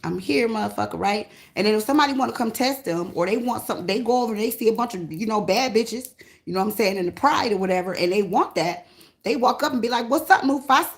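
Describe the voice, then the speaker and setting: A woman giving a casual tarot reading, blunt and profane, with an animated delivery. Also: mid-range voice, quick pace. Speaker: tarot reader. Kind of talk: casual spiritual reading monologue.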